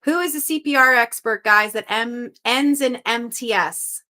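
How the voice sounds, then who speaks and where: Bright, chipper woman hosting a live puzzle stream. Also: a little high, measured pace. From Western Canada. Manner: upbeat, chatty, reads out viewers' guesses. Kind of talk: casual live-stream chat.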